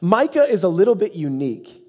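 A man's voice: high voice, big pitch swings, brisk, warm tone. Man preaching a conversational sermon. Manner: conversational, storytelling with dad jokes. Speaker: pastor.

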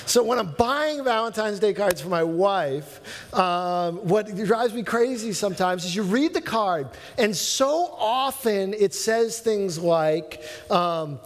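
A man's voice: high-pitched, lively intonation, takes it slowly, big-room sound. A man preaching as a pastor in a conversational sermon, restarting his sentences often and acting out quotes in a livelier voice. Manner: conversational, self-correcting with many restarts and fillers.

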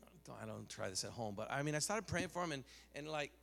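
A man preaching a sermon, telling stories animatedly, dropping to a hush and rising loud again, with many restarts. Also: medium pitch, animated, quick pace, creaky, faint music behind.

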